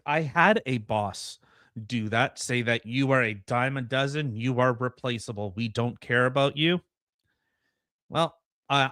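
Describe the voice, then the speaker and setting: A man co-hosts a podcast, reading news items aloud and breaking off with blunt, sarcastic remarks. His voice is bright and forceful, and it sits dry and close on the mic. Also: medium pitch, dry recording. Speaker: podcast co-host. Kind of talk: casual political commentary.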